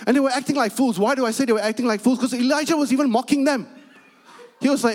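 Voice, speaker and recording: A man's voice: very high voice, fast talker. A man preaching a sermon, telling a personal story in a chatty way with frequent asides and turning emphatic as he preaches. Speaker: pastor.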